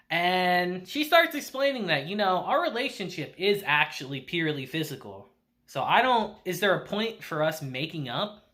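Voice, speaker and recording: This is a man reviewing an anime episode in a relaxed, chatty way. His voice is bright and forward, and his pitch leaps around as he acts out the characters' lines. He laughs a lot and drops casual swears. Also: normal speed.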